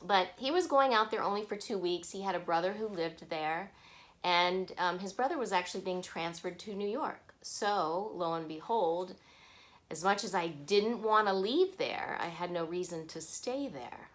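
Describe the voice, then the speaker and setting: Animated woman telling a personal story. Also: mid-range voice, normal speed. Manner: animated, acts out the people she quotes. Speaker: vlogger.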